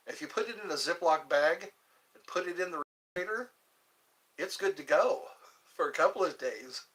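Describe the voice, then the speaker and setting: An older man hosting a livestream, rambling casually and joking to himself in a slow, meandering way. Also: fairly high pitch, expressive, fairly bright tone, poor audio. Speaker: livestream host.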